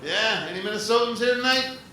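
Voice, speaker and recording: A man doing a stand-up comedy set on a theater stage, chatty and jokey, slipping into quick voice impressions. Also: high-pitched, a little hiss or hum. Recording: very echoey live club recording, loud crowd. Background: audience laughter.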